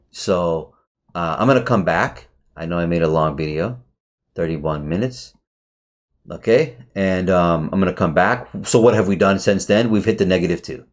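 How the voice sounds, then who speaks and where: A man talking casually through a trade review on his charts, excitable and swearing often, with sudden jumps in pitch. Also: measured pace. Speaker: trading educator.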